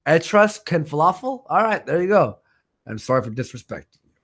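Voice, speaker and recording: A man's voice: mid-range voice, very animated, fast, a bit bright, breathy edge. A man hosting a live stream, casually reading out viewer donations, joking and stumbling over names. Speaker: stream host.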